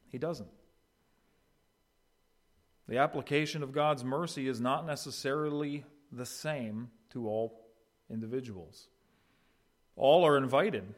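A man preaching an expository sermon as pastor, swinging between quiet, low passages and loud, raised ones. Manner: swings from quiet to loud, acting out quoted voices.

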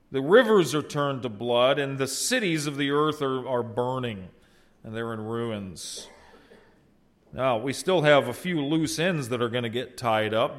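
A man preaching an expository sermon and reading scripture aloud, earnest, swelling loud on exclamations and dropping soft at line ends. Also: mid-range voice. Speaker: pastor.

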